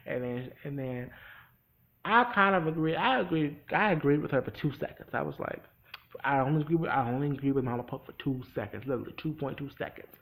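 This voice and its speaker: A man giving a casual, rambling spoken recap of a TV episode, with many restarts and quick acted-out quotes. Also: medium pitch, gravelly, a bit bright, poor audio.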